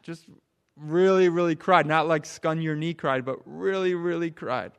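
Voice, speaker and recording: A man leading a children's sermon, asking the kids questions and swinging from loud emphasis down to a near hush. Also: fairly high pitch, normal speed, smooth. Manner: animated, drops to a hush for emphasis. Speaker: pastor.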